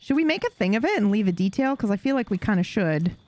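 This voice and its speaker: A woman streamer talking loosely to her chat as she plays, with a medium-pitched voice that sits right in the middle of her range. She swears freely and laughs easily. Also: big pitch swings, fast, a little mellow. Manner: chatty and profane, laughs often. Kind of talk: casual chat to a live stream audience while playing a game.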